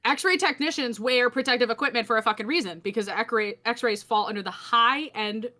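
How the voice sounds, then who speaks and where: Bright-voiced sarcastic woman co-host. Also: on the high side, moderate pace. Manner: sarcastic, swearing, laughing mid-sentence. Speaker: podcast co-host. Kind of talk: casual comedic chat.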